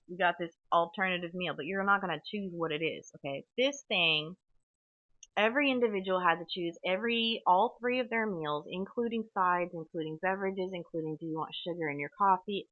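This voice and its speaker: A woman's voice: on the low side, no echo. A woman hosting a solo podcast, talking in a long rambling monologue full of tangents and "okay?" asides. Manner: tangential, chatty, frequent "okay?" and fillers. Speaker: podcast host. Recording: tinny, phone-like dry audio.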